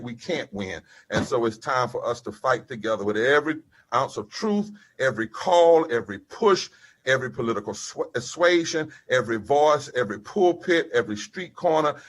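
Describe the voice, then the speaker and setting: Older preacher man, husky and forceful, for impassioned speeches. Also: medium pitch. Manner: preacherly, rising emphatic cadence. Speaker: preacher and campaign leader.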